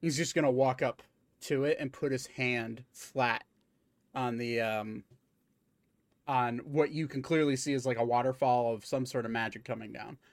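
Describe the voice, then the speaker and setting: A man runs a tabletop game, narrating the scene with frequent pauses and fillers. His voice is mid-pitched and recorded dry and close. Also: fairly even intonation, no room sound. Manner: hesitant, many fillers. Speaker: game master.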